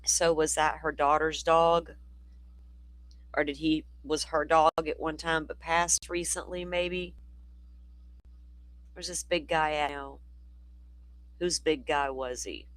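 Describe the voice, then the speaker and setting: A man's voice: a little high, fairly even intonation, slow pace, long pauses, fairly bright tone, dry recording, rough recording. A man hosting a livestream, chatty and rambling, his voice worn from talking all day. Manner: chatty, rambling, talks to chat. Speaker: livestream host. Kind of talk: casual live commentary.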